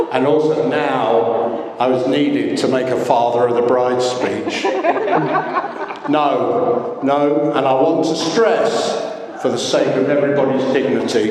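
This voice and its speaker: A man's voice: mid-range voice, darkish tone, slight background noise. A middle-aged man gives a wedding speech in a large function room, telling jokey, self-mocking stories. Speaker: wedding guest giving a speech. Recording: echoey hall, voice from far off.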